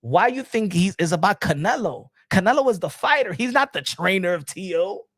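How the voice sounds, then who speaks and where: Boxing stream host, male, high and dry on a close mic, rambling and heated. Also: moderate pace, no echo. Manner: rambling, animated, frequent "you know what I'm saying". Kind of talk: casual live-stream commentary.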